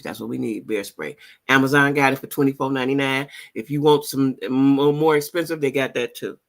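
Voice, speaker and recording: A woman's voice: sits low, bright, forceful tone. A woman hosting a casual livestream, chatting with her audience and reading their comments aloud. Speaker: livestream host.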